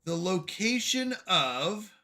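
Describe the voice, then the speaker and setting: A man's voice: high-pitched, big pitch swings, takes it slowly, pushed and bright. A man streaming a puzzle game, talking to himself and his chat in jokey, self-scolding asides. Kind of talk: live game commentary.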